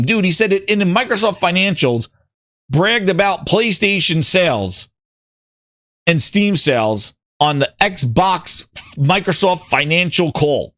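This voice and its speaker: A man hosting a casual gaming talk show, ranting with an animated, sarcastic delivery. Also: high-pitched, unhurried, no echo, studio quality. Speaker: host.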